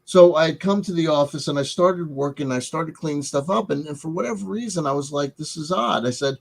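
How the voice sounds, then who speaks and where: A middle-aged man talking through a personal confession in a halting, rambling way, full of restarts and filler words, wearing headphones. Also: fairly high pitch, creaky, low-quality recording. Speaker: vlogger. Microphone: headset headphones.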